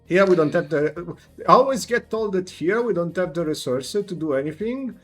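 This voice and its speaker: Man voicing a complaining quartermaster NPC, bossy and fussy, raised and higher, tabletop game. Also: animated, moderate pace, faint music behind. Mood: grumbling. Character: grumbling male ship quartermaster.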